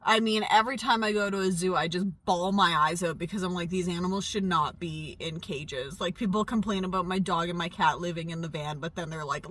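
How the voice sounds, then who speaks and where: A woman's voice: fairly low pitch, fairly quick, few pauses, a bit bright, no room sound. A young woman chatting candidly to camera about her life in a camper van, with frequent fillers and asides. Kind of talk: casual vlog chat to camera. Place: in and around a parked camper van. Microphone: camera on a tripod.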